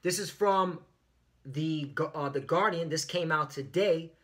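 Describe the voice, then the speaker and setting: A man's voice: a little high, measured pace, fairly bright tone. A man preaching fiery, confrontational religious commentary on the news, peppering his talk with "all right?".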